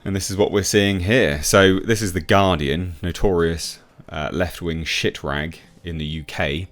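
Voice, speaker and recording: A man's voice: sits low, a little slow, hardly any pauses. A man delivering a mocking, opinionated commentary vlog with frequent filler sounds. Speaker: YouTube commentator.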